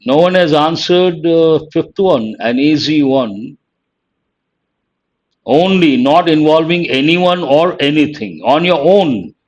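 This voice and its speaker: Slow, deliberate male vocabulary teacher. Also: fairly high pitch, animated, darkish tone, lo-fi sound. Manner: slow, deliberate, reading out words one at a time. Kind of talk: live online vocabulary lesson.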